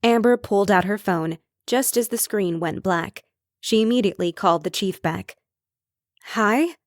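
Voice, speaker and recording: A woman reading an audiobook in measured, even scripted narration. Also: mid-range voice, no echo, clean studio sound.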